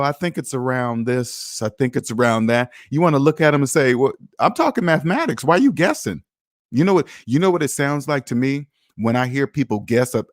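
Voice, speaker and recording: Emphatic man hosting a money livestream. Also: medium pitch. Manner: emphatic, preachy, reads viewer comments aloud. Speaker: finance channel host. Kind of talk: casual livestream talk.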